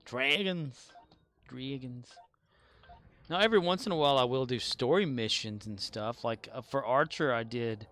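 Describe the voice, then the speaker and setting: Male game streamer, casual rambling chat, self-mocking, cursing, mid-pitched voice. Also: normal speed, a bit bright. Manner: rambling, self-deprecating, swears freely. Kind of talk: casual chat while gaming.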